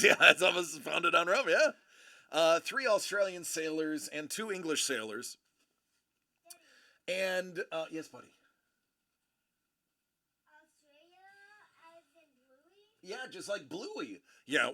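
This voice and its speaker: A man's voice: fairly high pitch, sharp tone. A man hosting a casual live stream, greeting viewers by name and rambling in a laid-back way. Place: California home studio.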